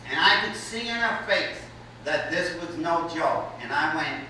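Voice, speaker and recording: A middle-aged male stand-up comedian telling a crude story in a deadpan way, with an audience laughing in the hall. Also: a little high, a little slow. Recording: roomy, distant audience recording with noise.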